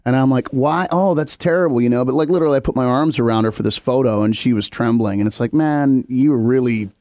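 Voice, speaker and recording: A man's voice: mid-range voice, fast, a little mellow, no room sound, clean studio sound. A man co-hosting a podcast, chatting casually and telling joking stories with acted-out quotes. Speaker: podcast co-host. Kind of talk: casual chat.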